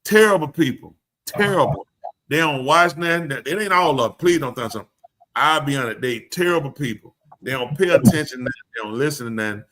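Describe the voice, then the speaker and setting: Animated man with a drawl. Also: a little high, fairly quick. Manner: animated, emphatic storyteller. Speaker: show host. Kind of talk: live show casual talk.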